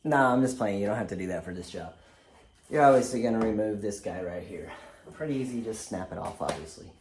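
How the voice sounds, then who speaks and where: A man's voice: lowish voice, lively intonation, fairly quick, noisy background. A man casually explaining a car repair step by step while he works, cracking self-deprecating jokes along the way. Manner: joking, self-deprecating asides. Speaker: DIY car mechanic host. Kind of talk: casual how-to narration while working.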